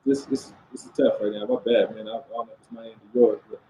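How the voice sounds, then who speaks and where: A man being interviewed over a video call, apologetic and halting while the connection cuts out. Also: lowish voice, level tone, warm tone, slight background noise, poor audio. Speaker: guest, album producer.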